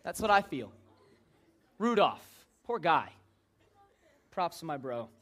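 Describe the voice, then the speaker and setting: A man's voice: on the high side, very animated, slow, fairly bright tone. A man preaching an informal sermon in a joking, conversational way.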